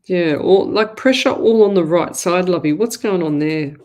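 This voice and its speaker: A woman's voice: on the low side, normal speed, darkish tone. Chatty woman giving readings. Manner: chatty, rambling, addresses listeners as lovey. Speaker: psychic medium host. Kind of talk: live online call-in readings.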